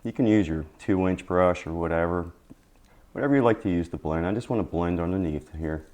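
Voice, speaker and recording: A man teaching oil painting in a casual tutorial, tired after a long day, talking in relaxed, repetitive encouraging asides. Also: low-pitched, brisk. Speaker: painting instructor.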